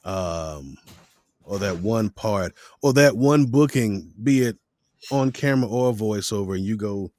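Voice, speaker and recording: Low-voiced relaxed male podcast host. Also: dry recording. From Florida. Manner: relaxed, measured, sets up questions with scenarios. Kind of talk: casual podcast conversation.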